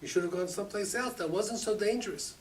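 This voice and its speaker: A rabbi teaching a Torah class, lively and expressive, acting out the quotes and mixing in Hebrew terms. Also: male voice, sits high, fast talker. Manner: animated, acts out quotes, mixes Hebrew terms. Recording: distant mic with faint room ambience.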